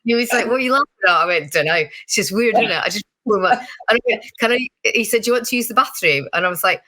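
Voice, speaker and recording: A woman in her fifties chatting as an interview guest, telling lively stories with frequent laughs and acted-out quotes. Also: medium pitch, fast talker. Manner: chatty storytelling, laughs often, acts out quoted voices. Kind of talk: casual interview chat.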